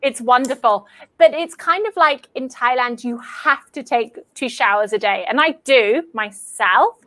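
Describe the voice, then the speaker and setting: A British English teacher chats in a casual, easygoing way, her voice sitting high. She strings thoughts together with frequent "like"s. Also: unhurried, sharp tone. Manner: chatty, fills talk with "like". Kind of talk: casual chat.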